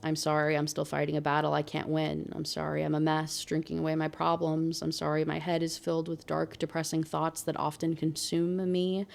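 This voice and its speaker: Guilty young man, read by a low-voiced woman, weary and flat. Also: a little fast, gravelly, few pauses. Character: grieving young man, guilt-ridden and drinking.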